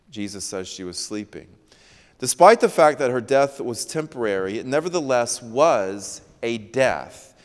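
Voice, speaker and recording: A male preacher delivers his sermon in a smooth, resonant voice. He speaks slowly and with emphasis, turning phrases over again and again. His words ring out with the long reverb of a large hall. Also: medium pitch. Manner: slow, emphatic, repeats key phrases.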